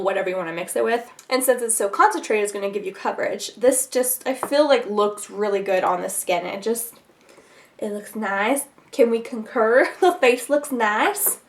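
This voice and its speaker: A woman vlogger chatting casually about her favourite makeup products, giggling often and filling in with "like" and "um". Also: medium pitch. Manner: chatty, giggly, with many fillers. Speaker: beauty vlogger. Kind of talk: casual product review to camera.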